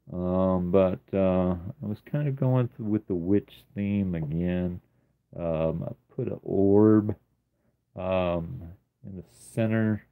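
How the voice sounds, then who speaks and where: A man's voice: low voice, vocal fry. A man casually walking through his sketchbook, rambling with many ums and uhs. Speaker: artist showing his sketchbook. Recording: tinny phone-like sound.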